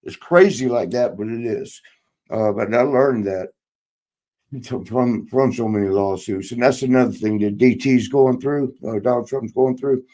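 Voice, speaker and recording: A man's voice: medium pitch, normal speed, dark tone. A man in his sixties, a podcast host and former wrestler, telling road stories in a rambling, profane way, laughing often and acting out quotes. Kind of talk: casual storytelling chat.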